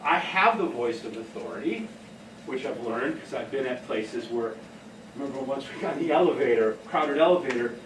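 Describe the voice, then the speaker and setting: This staff training workshop is led by a man whose medium-pitched voice sounds animated at a moderate pace. Caught from afar in an echoey space with background noise, he speaks in a relaxed storytelling style and frequently laughs at his own tales.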